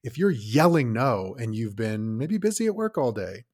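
A man co-hosting a relaxed parenting podcast, his voice husky and his pitch swinging a lot as he talks. He chats loosely, swears, and slips into little acted lines of a parent talking to a kid. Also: normal speed. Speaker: podcast co-host. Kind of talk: casual parenting podcast chat.

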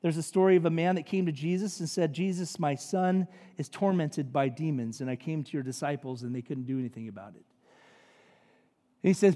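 A man preaching a sermon as pastor, animated and conversational, acting out voices in his stories. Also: on the high side, brisk. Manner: animated, acts out quotes, conversational asides. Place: church sanctuary. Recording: long reverb of a large hall.

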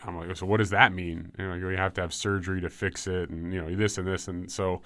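A man in his thirties, a former football player, telling injury stories in a relaxed way with many ums. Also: low-pitched, fast talker, smooth, no room sound, studio quality. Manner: relaxed storytelling with frequent ums and likes. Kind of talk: casual podcast chat.

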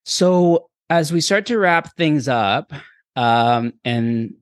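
A man's voice: on the high side, lively intonation, slow pace, clear, resonant tone, dry recording, studio quality. A man hosting a podcast interview, affirming his guest and closing the episode. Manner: warm affirming, wraps up the show. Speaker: podcast host.

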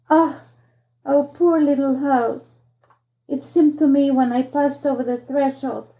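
A woman narrating a storybook in a measured, unhurried way. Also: high-pitched, creaky, warm tone, reverberant, dull audio. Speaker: audiobook narrator.

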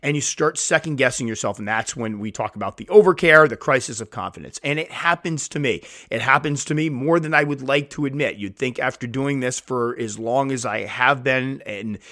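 A man hosts his own casual solo podcast from home on a podcast mic, talking self-deprecatingly and sometimes acting out quoted voices. His mid-range, sharp-toned voice runs a little fast with hardly any pauses, and the studio-quality recording has no room sound.

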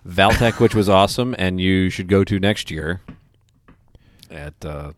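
Deep-voiced enthusiastic podcast host. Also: male voice, unhurried. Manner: enthusiastic, rambling with many restarts. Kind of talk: casual chat.

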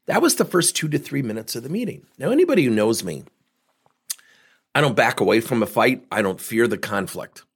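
Brisk and slightly rough, his voice sits at medium pitch. The man gives sales coaching through storytelling, animatedly acting out each side of the dialogues.

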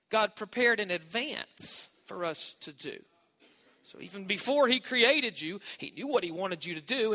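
A man's voice: extremely high pitch, sharp tone, long reverb tail. A man giving a sermon as a guest preacher, emphatic and stretching key words, with light joking asides.

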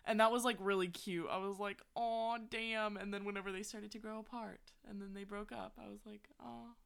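A woman's voice: mid-range voice, fast talker, gravelly, clean tone. Giggly woman chatting animatedly about a film. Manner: animated, giggly, with gasps and slangy asides. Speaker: co-host reviewing a film. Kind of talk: casual chat.

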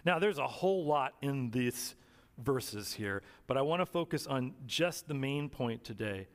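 A male pastor preaching a sermon, telling stories earnestly and slowing down to stress key words. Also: mid-range voice, animated. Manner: earnest storytelling, slows for emphasis. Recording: long reverb of a hall.

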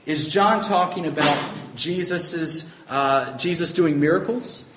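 A man's voice: a little high, takes it slowly, noisy background. A man teaching a Bible lesson, earnest and emphatic, reading scripture aloud with feeling. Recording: echoey room with faint ambience.

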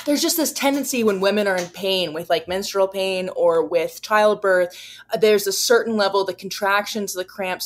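A woman co-hosting a podcast, talking earnestly and reflectively in casual chat, with frequent fillers. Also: mid-range voice. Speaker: podcast co-host.

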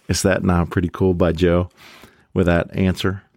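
A man with a very low voice talks through a book in a relaxed, casual way. He reads passages aloud and frames them with "quote" and "unquote". The sound is dry and close, with no room echo. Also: vocal fry. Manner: relaxed, with frequent fillers and restarts. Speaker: book reviewer.

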